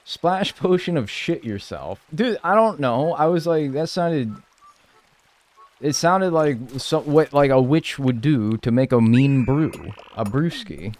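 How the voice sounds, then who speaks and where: Animated joking male streamer. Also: on the high side, slow pace. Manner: animated, joking, reads and answers chat. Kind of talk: casual live-stream chat.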